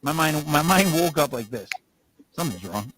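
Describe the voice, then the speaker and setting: A man's voice: a little high, moderate pace, crowd noise, low-quality recording. A man co-hosting a podcast, rambling through casual stories and laughing as he talks. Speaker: podcast co-host.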